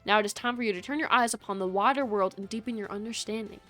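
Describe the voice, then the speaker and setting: A stately school head in a put-on British accent, read aloud by a woman streamer, addressing the students in a grand, announcing way. The pitch sits mid-range, neither high nor low. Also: quick pace, fairly bright tone, soft background music, lightly acted. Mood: solemn.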